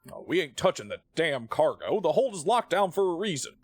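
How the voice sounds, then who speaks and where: A man voicing a gruff, cynical male spaceship crewman in a video game, grumbling bluntly. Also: a little high, very animated, brisk.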